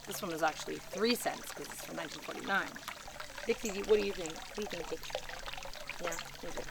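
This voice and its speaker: A woman's voice: fairly low pitch, animated, fairly quick, vocal fry, a little hiss or hum. A chatty woman, talking casually in a home vlog. She giggles often and breaks off to talk to her pets. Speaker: vlogger. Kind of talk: casual chat reading old postcards aloud.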